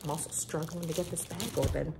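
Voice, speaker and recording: A woman vlogging as she unboxes craft kits, gushing with bubbly excitement and lots of fillers. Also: deep voice, a little fast, creaky, noisy background. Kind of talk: casual unboxing chat.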